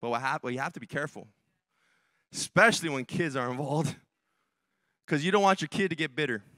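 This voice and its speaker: A man's voice: on the high side, animated, a little fast, bright, forceful tone, no echo. A male pastor preaching a sermon in a church, emphatic and direct with the congregation, often repeating his key phrases. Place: church sanctuary.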